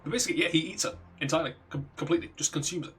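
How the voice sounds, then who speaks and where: Husky man retelling a story. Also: fairly high pitch, racing, a bit bright, faint music behind. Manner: rambling, chuckling, acts out quotes. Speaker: streamer. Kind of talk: casual livestream storytelling.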